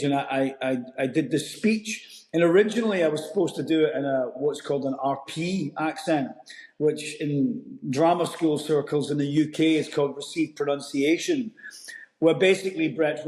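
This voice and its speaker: Scottish man, actor guest, fairly high voice, animated storyteller, casual interview, echoey room. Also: normal speed. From Scotland. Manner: animated storyteller, many restarts. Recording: roomy echo.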